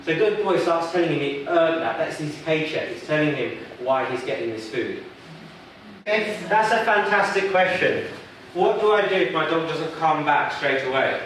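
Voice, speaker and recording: A man's voice: a little high, animated, moderate pace, a bit bright, slight background noise. A male dog trainer leading a workshop, conversational and asking the audience questions. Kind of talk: workshop teaching. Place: workshop room. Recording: echoey room from far off.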